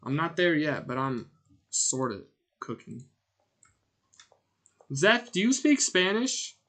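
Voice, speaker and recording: A man streaming a game, chatting casually and rambling in a jokey way, with sudden loud outbursts as he answers his chat. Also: fairly high pitch, very animated, takes it slowly. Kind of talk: casual gameplay commentary.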